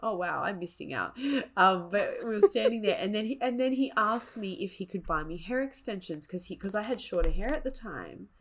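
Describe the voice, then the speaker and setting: A woman's voice: medium pitch, expressive, a little fast, hardly any pauses, fairly bright tone. A woman co-hosting a podcast, animatedly telling a dating story in casual chat, often laughing and filling with "like" and "um". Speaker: podcast co-host.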